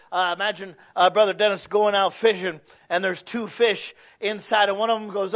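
A man preaching a sermon, telling stories and building to loud, emphatic points. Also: sits high, little pitch movement, moderate pace. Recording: dull lo-fi recording.

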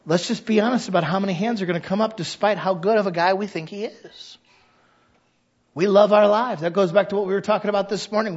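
Heard through a muffled recording, a man with a high-pitched, husky voice preaches as pastor in a church sanctuary. His sermon is frank and self-deprecating, rising from quiet confiding into loud, passionate preaching.

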